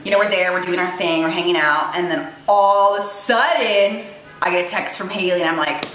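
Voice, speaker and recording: A woman's voice: fairly low pitch, fairly quick, fairly bright tone. A woman in her twenties telling a story in a casual vlog in a chatty, self-mocking way. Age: 20s. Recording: echoey room with faint noise.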